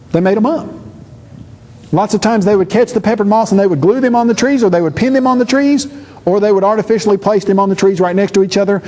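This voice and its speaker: A man giving an animated church seminar lecture, acting out quoted speakers with quick shifts of voice. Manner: lively, acts out quoted speakers with shifting pitch.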